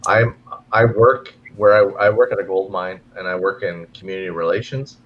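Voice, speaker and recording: A man with a Canadian accent talks in a rambling, stammering way, repeating words as he goes. His voice sits low. The sound is dull and lo-fi with a faint hiss behind him. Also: fairly even intonation, normal speed. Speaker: guest in a live stream chat. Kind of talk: casual chat.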